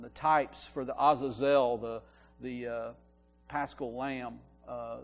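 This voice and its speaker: In a church sanctuary, a minister preaches a sermon, earnestly teaching from a Bible passage and building emphasis on key words while often restarting. His medium-pitched voice is gravelly, with a big-room sound.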